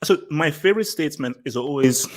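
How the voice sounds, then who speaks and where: A man's voice: fairly high pitch, animated, fairly quick. Emphatic man ranting on his vlog. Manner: emphatic, repeats himself, frequent restarts. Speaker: vlog host. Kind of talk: casual opinion commentary.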